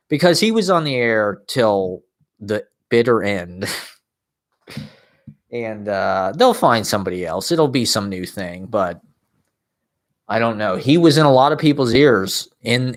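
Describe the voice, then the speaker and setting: Podcast host, male, thirties, casual storytelling, profane and rambling, laughs a lot. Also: lowish voice.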